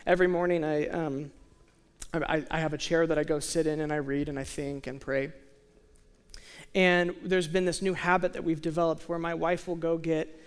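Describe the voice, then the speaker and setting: A young male pastor preaching a sermon, moving between quiet, slow emphasis and excited storytelling. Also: a little high, clean tone. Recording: long reverb of a large hall.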